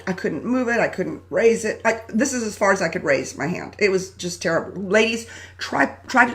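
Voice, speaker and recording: A woman hosting a live motivational talk, telling a personal story in a chatty, animated way and greeting viewers by name. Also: mid-range voice. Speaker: host.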